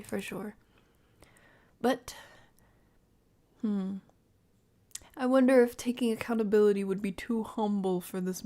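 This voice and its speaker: A woman streaming a live reaction, often dropping into soft whispered asides and laughing between remarks. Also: mid-range voice, creaky.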